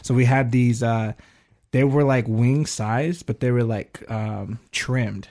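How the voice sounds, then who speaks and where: A man's voice: medium pitch, slow, darkish tone. A young man hosting a casual podcast, talking in a laid-back, slangy way and swearing casually. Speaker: podcast host. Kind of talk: casual chat.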